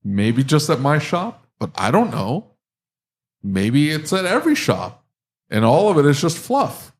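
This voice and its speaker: A man's voice: fairly high pitch, a little slow. A man who owns an auto repair shop, trading sarcastic banter on a live podcast. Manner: animated, sarcastic, acts out customer calls.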